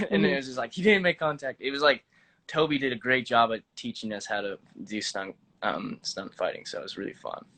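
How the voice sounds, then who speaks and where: Bright-voiced young man rambling casually. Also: medium pitch, a little fast, vocal fry. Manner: rambling, many fillers and restarts. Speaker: actor guest. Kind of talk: casual interview chat.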